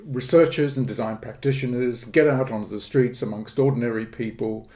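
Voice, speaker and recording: A middle-aged man, a politics professor, explaining ideas in a podcast interview, measured and academic, pausing with fillers and restarting phrases. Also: mid-range voice, steady tone, mellow.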